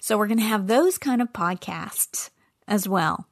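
A woman's voice: mid-range voice, expressive, unhurried, no room sound, clean studio sound. A woman hosting a faith podcast, talking earnestly and with emphasis, sometimes dropping to a near-whisper to stress a point. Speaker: podcast host. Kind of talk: faith-teaching podcast monologue.

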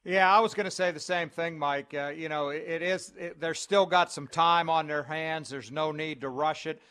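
A man co-hosting a sports radio show, speaking casually with hesitant, halting starts. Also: a little high, fairly even intonation, a bit bright, smooth. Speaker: radio co-host. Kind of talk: casual chat.

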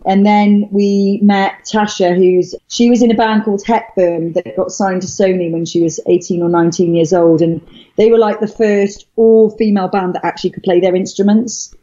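A woman's voice: medium pitch, steady tone, moderate pace, mellow. A middle-aged woman from Wales, a guest telling her story in casual chat, rambling with many fillers and restarts. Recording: dull lo-fi sound.

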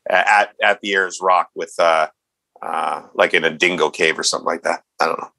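A man's voice: low-pitched, steady tone, a little fast, vocal fry, bright, forceful tone, no echo. A man co-hosting a podcast in casual chat, teasing and rambling with mock exasperation. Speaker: podcast co-host.

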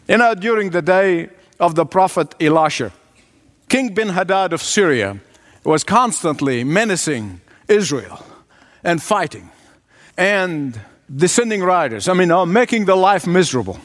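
High-voiced man preaching a sermon. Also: big pitch swings, normal speed, fairly bright tone. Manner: earnest, emphatic, often addresses listeners directly.

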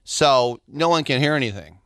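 A middle-aged man co-hosting a podcast, chatting excitably about sports in a rambling way. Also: mid-range voice, moderate pace, clean tone, no room sound, studio quality. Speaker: podcast co-host. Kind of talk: casual sports chat.

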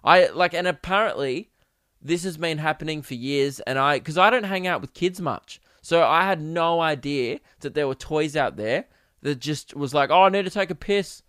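A man's voice: a little high, moderate pace, fairly bright tone, clean tone, dry recording, clean studio sound. A young man hosting a solo podcast, telling rambling, profane comic stories in a casual chat. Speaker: podcast host. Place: home podcast setup.

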